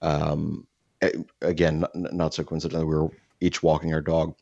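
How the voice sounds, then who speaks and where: A young adult man co-hosting a podcast, telling a profane, animated story with mimicked voices in casual chat. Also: a bass voice, fairly quick, creaky, dry recording, lo-fi sound. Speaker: podcast co-host.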